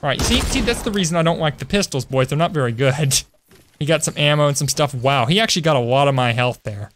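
A man's voice: a little high, expressive, fast talker, a bit bright, a little hiss or hum. A young man casually commentating his game for a live stream at home, chatty, calling his viewers "boys" and answering chat. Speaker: gaming streamer. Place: home room.

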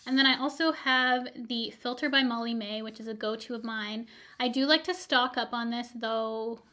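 A woman beauty vlogger reviewing used-up products in a chatty, upbeat way, her voice a little hoarse from filming all day. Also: a little high, pushed and bright. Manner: chatty, upbeat, rambling asides. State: slightly hoarse, losing her voice.

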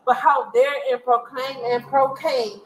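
A high-pitched woman argues with police officers outdoors on school grounds. She is agitated and insistent, repeating her questions and refusals again and again. Faint background noise sits under her voice. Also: steady tone, measured pace, rough recording. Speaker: mother arguing with police. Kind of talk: heated confrontation.

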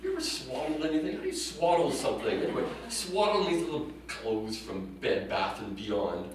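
A man performing a stand-up comedy set in a prim, self-mocking deadpan style, heard from a distance in an echoey room with audience laughter behind him. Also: mid-range voice, moderate pace. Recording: echoey room recorded from afar with audience noise.

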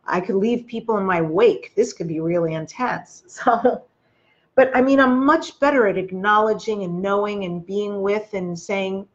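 A woman's voice: medium pitch, lively intonation, moderate pace, muffled recording. A woman hosting a spiritual self-help video, talking earnestly to her viewers and coaching them through their feelings. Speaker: host. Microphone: webcam or phone video.

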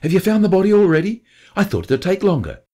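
A man voicing a bossy, quick-witted northern English mother who talks in a brisk, cheeky way in a radio story reading. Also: sits high, sing-song, dark tone, pitched above the performer's own voice. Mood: tart.

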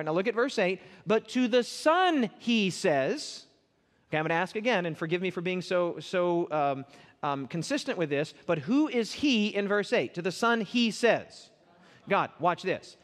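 A man preaching a sermon, emphatic and quizzing his audience with repeated questions. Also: sits high. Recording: reverberant hall.

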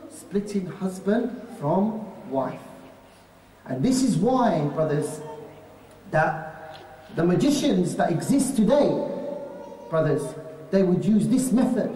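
A man's voice: sits high, dark tone. A male preacher giving an emphatic lecture, asking rhetorical questions and often calling out to the brothers. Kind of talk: lecture on religion. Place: lecture hall. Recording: echoey hall, distant mic.

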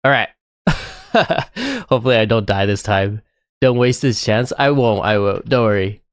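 A man giving excitable, chatty live commentary while playing a game, often breaking into laughter. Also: fairly low pitch, a little slow, no echo, studio quality. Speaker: live streamer.

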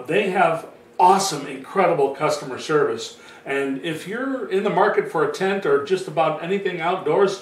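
Chatty man rambling in a roomy room. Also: fairly high pitch. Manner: rambling, chatty, with many fillers. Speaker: vlogger telling his own story. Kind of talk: casual storytelling monologue. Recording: roomy sound from a distant mic.

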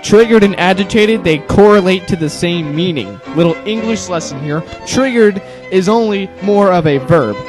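A man's voice: high voice, moderate pace, few pauses, over music. A teenage boy ranting on his own channel, sarcastic and exasperated, swearing often. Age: teens. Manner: sarcastic, exasperated, swears a lot, mocks others in silly voices. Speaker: youtuber. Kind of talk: ranting monologue.

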